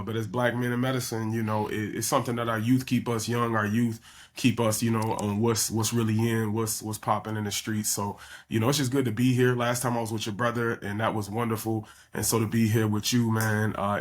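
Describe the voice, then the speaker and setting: A young man from the South Side of Chicago, a guest physician who tells his stories in a relaxed, conversational way with lots of fillers. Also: fairly low pitch, fairly quick. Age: young adult. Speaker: podcast guest, emergency physician. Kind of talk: casual storytelling interview.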